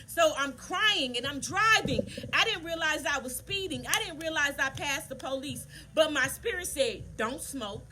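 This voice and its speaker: A woman, telling a story casually to viewers while doing her nails, animated and preachy. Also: high voice, normal speed, hardly any pauses, background noise. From Southern United States. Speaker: nail artist vlogger.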